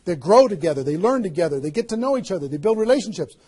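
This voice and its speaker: Man, high voice, husky, energetic motivational trainer, emphatic, rhetorical questions. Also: fast talker. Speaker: network marketing trainer. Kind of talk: motivational seminar talk.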